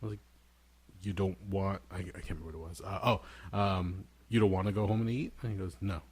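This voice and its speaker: A man with a fairly low voice chats casually on a podcast, spinning stories about his toddler. He breaks into a squeaky child voice for his son's lines, then drops back to his easy storytelling tone. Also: fast, breathy edge. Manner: animated storyteller, acts out his toddler son in a high voice. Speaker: podcast co-host.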